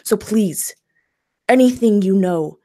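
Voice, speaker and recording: A woman voicing an intense male police inspector who speaks in a pressing, hushed way. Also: mid-range voice, slow pace, close to an everyday voice. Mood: pleading.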